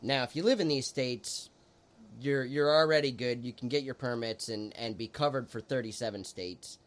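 A man's voice: medium pitch, moderate pace. Matter-of-fact male podcast co-host. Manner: matter-of-fact, lists facts plainly. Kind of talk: casual chat.

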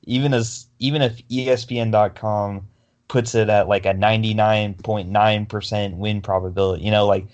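Low-voiced young man rambling about sports. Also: fairly even intonation, moderate pace, dull audio. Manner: rambling, many fillers and restarts. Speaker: podcast co-host. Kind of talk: casual sports chat.

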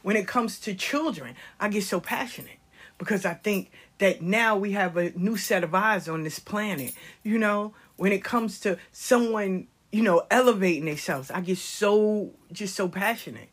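A medium-pitched, slightly rough voice at normal speed belongs to an older woman with nine grandchildren. Her casual storytelling monologue passionately passes on life lessons, with frequent whispers.

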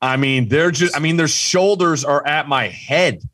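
A man's voice: fairly high pitch, unhurried, a bit bright, no room sound. Sports talk co-host, male, rambling and restarting, dry close studio sound.

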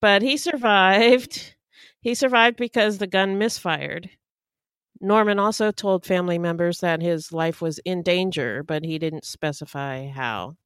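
A woman's voice: fairly low pitch, unhurried, a bit bright, smooth, no room sound. A woman co-hosting a casual true-crime podcast, reading case details steadily and adding dry quips. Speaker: podcast co-host.

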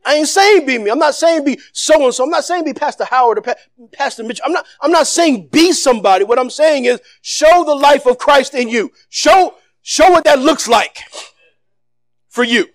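A male pastor delivers a sermon in a high, bright-pitched voice, moving from loud, energetic bursts to hushed, low passages. His talk is casual and full of slang and repeated phrases. The sound is dry and close, with little room in it. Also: normal speed, no echo. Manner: loud, animated preaching that swings between shouts and soft, low passages.

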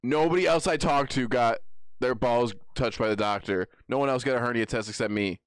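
A young man co-hosting a podcast, dropping dry, deadpan quips and stories. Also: mid-range voice, a little fast, clean tone, no room sound. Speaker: podcast co-host. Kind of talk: crude comedic chat.

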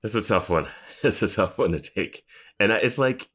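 A man co-hosting a podcast, chatting casually about a TV episode in a relaxed, agreeable way with lots of short affirmations. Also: fairly low pitch, moderate pace. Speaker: podcast co-host.

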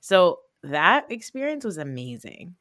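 A woman in her thirties co-hosting a podcast, chatty and quick to laugh as she tells stories. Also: on the low side, sing-song, a bit bright, no echo, studio quality. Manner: chatty, laughs often, storytelling. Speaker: podcast co-host. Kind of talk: casual chat.

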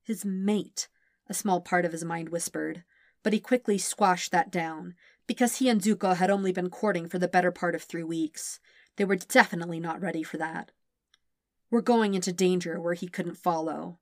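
A woman reading a fan fiction audiobook in a steady, gentle storytelling manner. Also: fairly low pitch, normal speed, no room sound, studio quality. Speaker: podfic reader.

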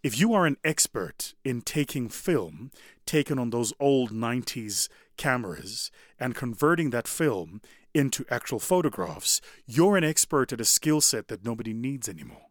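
A man giving a motivational talk in an animated, conversational way, often turning to the audience. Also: medium pitch, normal speed, no echo, studio quality. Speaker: public speaker.

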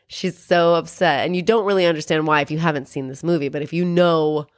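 A woman's voice: sits low, steady tone, brisk, no room sound, clean studio sound. A woman co-hosting a podcast, chatting casually and animatedly as she recaps a movie, swearing now and then. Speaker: podcast co-host.

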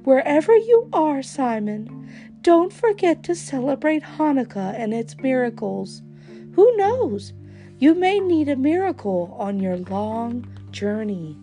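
A woman's voice: high voice, very animated, takes it slowly, faint music behind, voice pushed up, heavily acted. A woman voicing a loving mother who holds back tears as she sends her son off, in a storybook reading. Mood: tender. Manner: gentle, emotional pleading.

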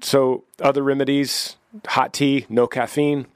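A man's voice: mid-range voice, level tone, unhurried, clear, resonant tone, no echo. A middle-aged man, a singer, casually giving practical voice care tips on a podcast, close to the mic. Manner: easygoing, practical, demonstrates voice techniques. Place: podcast studio.

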